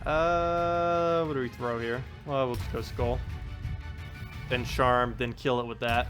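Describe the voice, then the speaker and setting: A man's voice: medium pitch, steady tone, takes it slowly, fairly bright tone, soft background music. A man live-streaming a game in casual chat, reading out viewers' messages and laughing often as he talks. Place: home in South Carolina.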